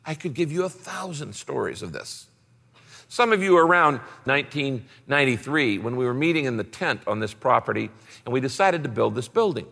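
A man's voice: mid-range voice, expressive, fairly quick, vocal fry, fairly bright tone. A male pastor telling a personal story in a sermon, acting out his conversations with God in different voices. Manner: acts out dialogue with God in shifting voices. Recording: long reverb of a large hall.

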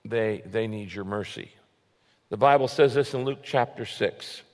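A man preaching a sermon as a pastor, with earnest emphasis, often dropping to a soft, low voice. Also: a little slow, big-room sound.

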